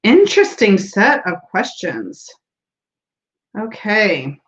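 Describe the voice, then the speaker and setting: A woman's voice: medium pitch, wildly swooping pitch, slow pace. A woman hosting a casual tarot livestream, chatting and laughing as she reads viewer comments aloud. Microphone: streaming setup mic. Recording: dull lo-fi stream audio.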